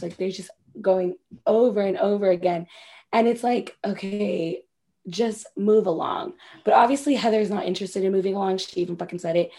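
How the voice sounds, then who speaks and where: A woman's voice: mid-range voice, normal speed. A woman co-hosting a podcast, recapping a reality show in casual, profane, gossipy chat, acting out the cast members' lines. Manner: gossipy, profane, animated quoting. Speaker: podcast co-host.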